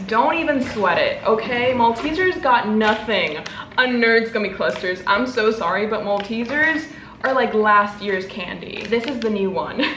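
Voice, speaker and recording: A woman in her twenties, a book vlogger, gushing and gasping with excitement as she unboxes gifts. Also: fairly high pitch, echoey room, a little hiss or hum.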